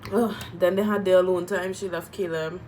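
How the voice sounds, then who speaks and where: A woman reviewing a reality TV episode in casual chat, animated and emotional, repeating phrases and using slang. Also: fairly low pitch, normal speed, slight background noise, rough recording. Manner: moved and emotional while talking.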